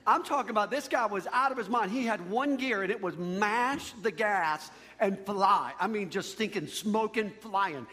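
A man doing stand-up comedy, telling a story in an animated way and yelping up high on his punchlines. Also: normal speed, few pauses. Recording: long hall reverb.

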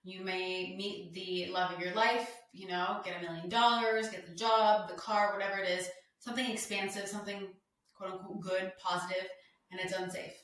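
A woman's voice: medium pitch, fairly even intonation, normal speed, a bit bright, very echoey, far from the mic, a little hiss or hum, rough recording. A young woman hosting a solo wellness podcast, talking casually and emphatically with lots of "like" fillers. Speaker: podcast host.

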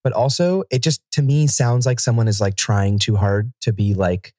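Dry-sounding, animated man on a podcast. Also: medium pitch, moderate pace, no echo. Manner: animated, swears freely, frequent laughs. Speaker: podcast co-host. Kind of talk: casual chat.

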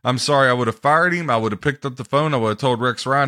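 A man hosting a sports podcast, ranting and mocking teams and players in a loud, heated way. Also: mid-range voice, quick pace, few pauses. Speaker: podcast host.

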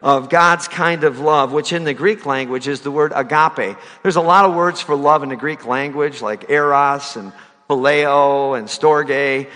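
A man preaching a sermon as a pastor, rising to loud, emphatic high passages and dropping soft for key lines. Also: measured pace, big-room sound.

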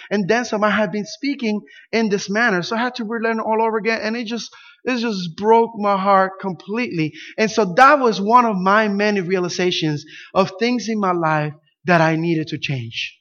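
Pastor, male, Spanish speaker, high voice, animated storyteller, lo-fi recording. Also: moderate pace. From Puerto Rico. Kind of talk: sermon with a personal story. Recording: dull lo-fi sound.

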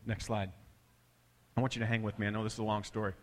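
A man preaching a sermon with big swings in loudness and pitch, dropping to a hush for quoted words. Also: little pitch movement, fast, pauses often, big-room sound. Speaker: pastor.

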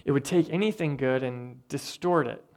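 A man preaching a sermon with earnest, conversational delivery and thoughtful pauses. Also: mid-range voice, darkish tone. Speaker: pastor.

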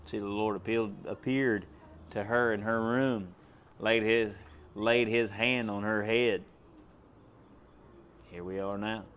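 A man's voice: on the low side, steady tone, slow, pauses often, a little hiss or hum. A man giving a testimony in a sermon, telling a story in a drawling, plain way. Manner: storytelling, drawling, rising to loud commands. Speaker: preacher.

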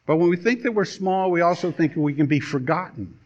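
A man pastor preaching a sermon, telling a story with dramatic pauses and a storytelling delivery. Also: sits high, expressive. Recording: dull lo-fi sermon recording.

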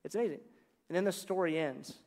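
A man delivers a sermon in a loose, joking storytelling manner, tossing slangy asides into the scripture he retells. His voice sits a little high for a man. It rings with the long reverb of a big hall. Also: fast talker, darkish tone. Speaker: preacher.

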